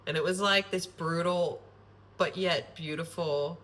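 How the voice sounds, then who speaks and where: A woman's voice: fairly low pitch, steady tone, measured pace, fairly bright tone. A woman talking to camera in a loose, rambling monologue, earnest and sprinkled with swearing. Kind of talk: casual spontaneous monologue.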